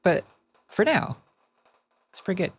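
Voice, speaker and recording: A woman's voice: mid-range voice, very animated, measured pace, slightly rough. A woman live-streaming as she animates, thinking aloud and making playful sound-effect noises. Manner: thinks aloud while working, half to herself. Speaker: streamer animating digital art. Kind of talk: casual live-stream commentary.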